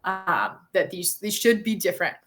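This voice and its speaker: Earnest thirtysomething woman guest on a podcast, lots of ums, thinking out loud. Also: medium pitch, animated, normal speed. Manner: earnest, thoughtful, frequent fillers and restarts. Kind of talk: conversational interview.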